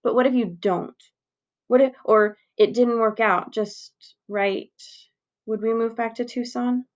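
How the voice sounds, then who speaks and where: A woman's voice: fairly high pitch, steady tone, unhurried, dull audio, close to an everyday voice. A woman reading aloud in a slightly raised voice for a homesick, sulky young boy. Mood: pestering.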